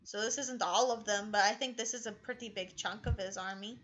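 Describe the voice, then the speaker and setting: A woman's voice: medium pitch, fairly even intonation, a little fast, fairly bright tone, lo-fi sound, slight background noise. A woman playing a tabletop role-playing game, speaking in character in an upbeat, chatty way. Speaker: player.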